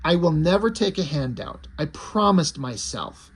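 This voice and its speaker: A proud, worn-down young artist insists on his promises in a husky, fairly high voice, as a man reads him aloud. He sounds stubborn and emphatic. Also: sing-song, a little slow, full character voice. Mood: earnest.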